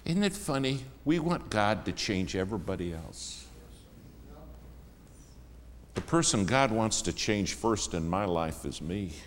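Male pastor, folksy storytelling sermon, lowish voice, reverberant hall with faint noise behind. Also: big pitch swings, unhurried, long pauses.

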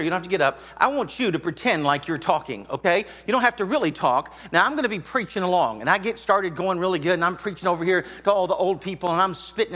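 A man's voice: high voice, pushed and bright. A man preaching a sermon in a church auditorium, folksy and joking with the congregation. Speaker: pastor.

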